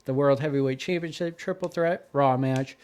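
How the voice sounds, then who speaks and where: Speaking at a normal speed, the male co-host has a clear, resonant, mid-range voice that is a touch mellow. He reads notes and lists from the show's follow-up in relaxed conversation, hesitating and leaning on fillers.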